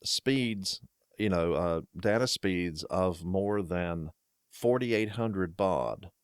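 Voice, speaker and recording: American male co-host, very low voice, animated storyteller, dry close mic. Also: slow pace, clear, resonant tone, dry recording. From United States. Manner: storytelling, laughs at own anecdotes. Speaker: podcast co-host. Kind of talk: casual chat.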